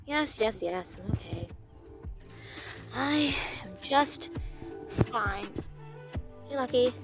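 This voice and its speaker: An excitable woman with a very high voice acts out a playful doll role-play. She talks at an unhurried pace, full of gasps and exclamations. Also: over loud music.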